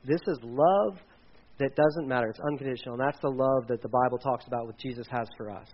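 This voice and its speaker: A man's voice: mid-range voice, fast, lo-fi sound. A man in his forties, a pastor preaching a casual sermon with dad jokes and frequent fillers. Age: 40s.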